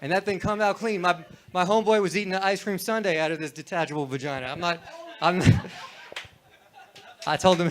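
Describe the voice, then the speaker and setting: A man's voice: high-pitched, a little fast, a bit bright. A young man from Florida doing a rambling, crude stand-up set on a club stage. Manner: laid-back, rambling, crude. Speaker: stand-up comedian.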